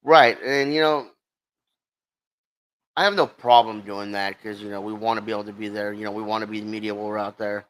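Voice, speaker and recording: A man's voice: fairly low pitch, steady tone, fairly quick, poor audio. A man with an American accent co-hosting a podcast, chatting casually with short agreeing replies and frequent "you know" fillers. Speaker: podcast co-host. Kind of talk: casual chat.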